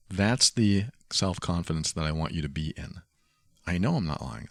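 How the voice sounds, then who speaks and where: A man with a very low voice talks listeners through advice in a steady, coaching manner, circling back to his key phrases. The sound is dry and close, with no room echo. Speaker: podcast host. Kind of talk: advice monologue.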